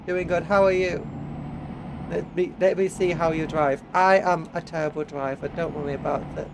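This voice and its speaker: A man's voice: on the high side, steady tone, moderate pace. A man with an English accent chatting casually on a live stream, sniffly from hay fever, reading chat aloud and humming little tunes while he drives. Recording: game truck engine noise underneath.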